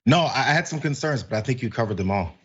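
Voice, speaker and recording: A man's voice: mid-range voice, expressive, fairly bright tone, breathy edge, highs cut off. A man co-hosting a news show, joking in casual banter with frequent stumbles and restarts. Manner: joking, halting, with repeated restarts. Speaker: co-host.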